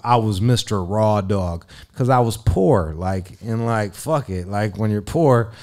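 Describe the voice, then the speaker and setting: A man's voice: fairly low pitch, unhurried. A man telling a crude story in casual chat, swearing constantly and acting out quotes in a raised voice. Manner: profane, animated, acts out quotes in a raised voice. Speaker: radio personality and interview guest.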